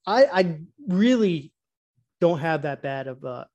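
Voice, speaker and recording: A man's voice: on the high side, animated, slow, darkish tone, dull audio. A man from Florida chatting in loose, profane banter on a podcast, rambling and laughing often. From Florida, USA. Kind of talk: casual crude banter.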